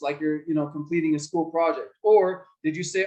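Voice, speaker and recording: A man teaching young students about debate in a lively way, asking them questions and acting out examples. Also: on the high side, normal speed, few pauses, poor audio. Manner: lively, asks the class questions and acts out examples. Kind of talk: explaining debate skills to children.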